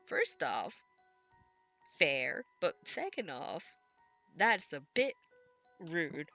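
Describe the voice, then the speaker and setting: A woman with a low yet bright, forceful voice rambles through an episode recap, gushing, laughing and swearing casually. Faint music sits under her talk. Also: sing-song, extremely slow, vocal fry. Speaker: anime recap vlogger.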